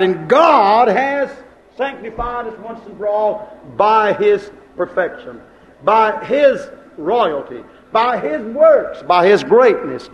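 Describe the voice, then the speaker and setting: A man with a notably high voice preaching a sermon. He repeats key phrases for emphasis and swings between hushed lines and loud, forceful declarations. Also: low-quality recording.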